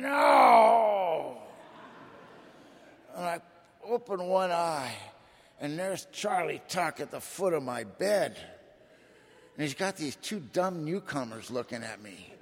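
A man giving a dramatic, folksy recovery testimony to a meeting. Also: on the high side. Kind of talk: personal testimony storytelling. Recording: long hall reverb.

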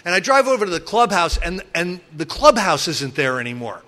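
A middle-aged man in recovery telling stories from his drinking past in a casual, animated way, acting out other people loudly and restarting his sentences often. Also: sits high, fairly quick. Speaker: recovering alcoholic sharing his story. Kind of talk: casual storytelling talk.

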